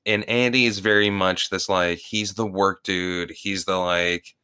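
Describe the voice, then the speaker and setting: A man co-hosting a podcast, chatting casually and playfully about a reality show and cracking jokes in a halting way. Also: sits low, fairly even intonation, pushed and bright, clean tone. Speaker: podcast co-host.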